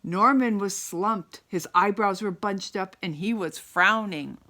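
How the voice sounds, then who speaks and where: A woman reading a picture book aloud to young children in an animated way, sometimes asking them questions. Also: mid-range voice, measured pace.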